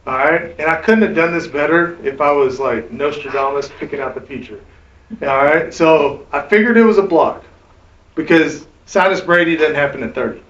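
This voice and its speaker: A man's voice: a little high, moderate pace, a bit bright. Man lecturing in a roomy classroom. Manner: conversational, keeps checking in with "right?". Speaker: instructor. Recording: roomy, distant, dull classroom recording.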